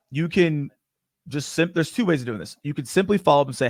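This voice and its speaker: A man's voice: on the high side, lively intonation, a little fast, no echo, clean studio sound. A man co-hosting a sales webinar, giving confident, casual advice and acting out sample phone lines. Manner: confident, explanatory, acts out example phone lines.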